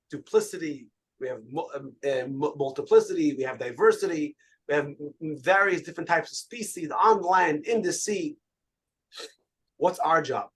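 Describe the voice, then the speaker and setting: A man, a rabbi, giving an animated sermon with stories, often repeating words as he goes. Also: fairly high pitch, husky.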